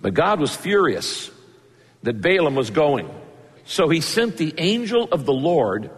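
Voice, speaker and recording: A male pastor preaching a sermon, telling the story with lively asides and acting out the characters' lines. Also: fairly high pitch, measured pace, breathy edge. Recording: long hall reverb.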